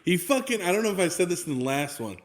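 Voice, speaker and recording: A man's voice: high-pitched, very animated, fast. A man co-hosting a podcast, chiming in with short slangy reactions in casual chat. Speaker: podcast co-host.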